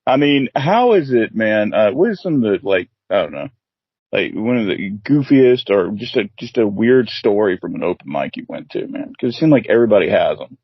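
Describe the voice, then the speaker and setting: A man's voice: on the low side, big pitch swings, fairly quick, breathy edge, no room sound, dull audio. A man hosting a casual interview podcast, rambling and swearing, peppering his talk with "man". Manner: rambling, profane, keeps saying "man". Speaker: podcast host.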